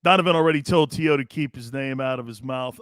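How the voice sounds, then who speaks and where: A man's voice: medium pitch, quick pace, fairly bright tone, dry recording. A man hosting a sports talk show, brash and joking, laughing often as he reads viewer comments.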